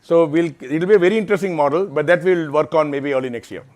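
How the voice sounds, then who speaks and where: Man, somewhat high pitch, informal presentation, explanatory, frequent tag questions. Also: fast, a little mellow. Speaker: program lead addressing interns. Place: auditorium or lecture hall.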